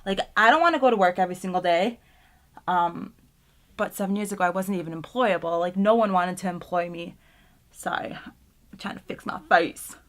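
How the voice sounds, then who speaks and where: A young woman speaks at a normal pace in a fairly low voice while doing her makeup at home for a casual get-ready-with-me vlog. She rambles with many fillers about being grateful, sometimes nearly crying.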